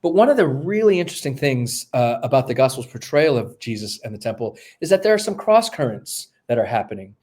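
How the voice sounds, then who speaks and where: A man of middle pitch explains ancient texts as a podcast guest. He lectures step by step, and his speech is dotted with fillers and false starts as he thinks aloud. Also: very animated, a little fast, hardly any pauses, a little mellow, slightly rough. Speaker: guest, New Testament scholar.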